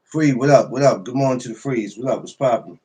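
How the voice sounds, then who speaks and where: Husky, profane podcast host greeting chat. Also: male voice, mid-range voice, brisk, darkish tone. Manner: loose, profane, greets viewers by name, laughs often. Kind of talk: casual livestream chat.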